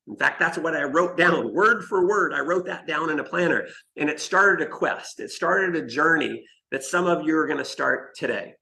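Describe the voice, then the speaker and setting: A male motivational speaker with a bright, sharp edge to his voice. He talks with emphasis, tells stories and turns to address his listeners directly. A gravelly texture runs under his fairly high-pitched delivery. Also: normal speed, rough recording. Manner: emphatic storyteller who speaks straight to the listeners. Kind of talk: motivational talk to an online summit audience.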